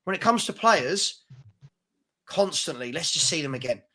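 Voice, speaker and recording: A high, bright-toned man hosts a casual live stream, his voice cutting through sharply. He talks in quick, exasperated bursts, throwing in mock-outraged asides. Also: expressive. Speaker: host of a live fan chat show.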